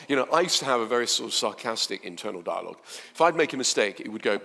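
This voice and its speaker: Male seminar speaker, animated, hall reverb. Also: medium pitch, racing, gravelly, a little hiss or hum. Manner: chatty, animated, playful, swings between soft and loud. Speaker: motivational speaker. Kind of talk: live seminar talk to an audience.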